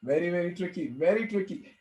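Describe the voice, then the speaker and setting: A man's voice: fairly high pitch, darkish tone, echoey room, rough recording. A man with an Indian accent answering questions in a devotional Q&A talk, earnestly repeating key phrases and posing rhetorical questions. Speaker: spiritual teacher answering questions.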